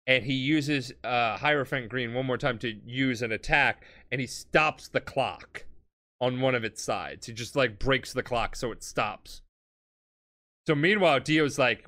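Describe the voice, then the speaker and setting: A man's voice: mid-range voice, bright, forceful tone. A drunk man on a comedy podcast, loosely recapping an anime plot in a rambling, sweary way and briefly acting out the characters' lines. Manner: loose, sweary, acts out characters in quick snippets.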